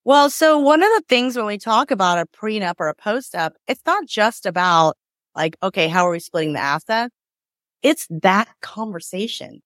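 A woman's voice: medium pitch, animated, moderate pace, a bit bright, no room sound, clean studio sound. A woman divorce mediator in a conversational interview, explaining with acted-out examples and lots of "like" and "right?".

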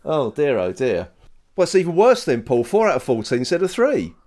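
A man's voice: on the high side, huge pitch swings, fairly quick, darkish tone. A man co-hosting a podcast in casual, rambling chat, often restarting and joking. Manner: rambling, self-correcting, joking. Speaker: podcast co-host.

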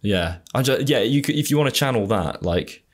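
A man from England with a southern English accent chats casually on a podcast, rambling and hesitant, packing in many fillers. His mid-range voice is animated and runs a little fast.

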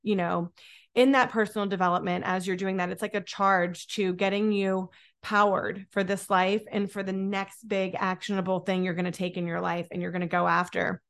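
A woman's voice: medium pitch, flat delivery, normal speed, a bit bright. Woman podcast host, encouraging and upbeat, repeats words for emphasis, solo talk.

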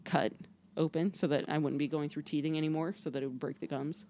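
A woman's voice: deep voice, fairly even intonation, fast talker, mellow. A woman in her thirties, co-hosting a casual podcast chat in a blunt, profane manner, often breaking into laughter. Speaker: podcast co-host.

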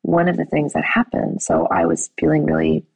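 Casting: middle-aged woman, low husky voice, chatty storyteller, dry close sound. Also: normal speed, dry recording, low-quality recording. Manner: animated retelling with quoted dialogue, fillers and restarts. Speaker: parent telling a story. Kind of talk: conversational storytelling.

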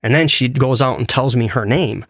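A man's voice: medium pitch, moderate pace, no room sound, clean studio sound. A man casually telling a personal story and acting out what others said in it. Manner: animated, quoting others in his retelling.

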